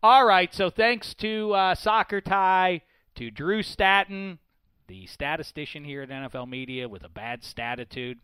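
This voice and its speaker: A man's voice: sits high, a little slow, clear, resonant tone, no room sound. A man hosting a sports podcast, teasing and joking in casual chat, sounding a bit sick. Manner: animated, teasing, jokey. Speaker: podcast host.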